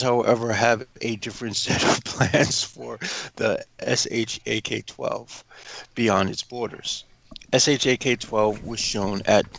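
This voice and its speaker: A man's voice: lowish voice, creaky, fairly bright tone, slight background noise. A man cohosting a livestream, reading a news article aloud and breaking in with crude jokes.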